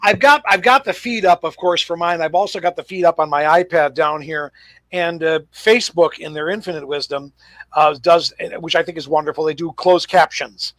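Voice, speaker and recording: A man's voice: fairly high pitch, fairly even intonation, moderate pace, fairly bright tone, dry recording, low-quality recording. A man hosting a casual talk show, reacting with laughs and emotion. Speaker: host. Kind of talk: casual chat.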